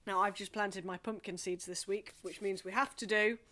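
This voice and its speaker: A woman leading a singing group through a gentle warm-up, coaching softly and encouragingly. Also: medium pitch, steady tone. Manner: soft, encouraging, slow coaching with playful vocal exercises.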